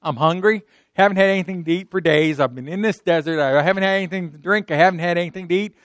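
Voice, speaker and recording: A man's voice: high voice, quick pace, no room sound, close to an everyday voice. A man voicing a hungry, worn-out prophet who speaks bluntly and demands food. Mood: demanding.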